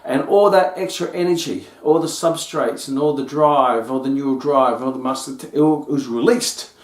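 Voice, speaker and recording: A man's voice: medium pitch, normal speed. A man hosting a solo health talk, playful and acting out scenes as he explains. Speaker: health podcast host. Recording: roomy echo.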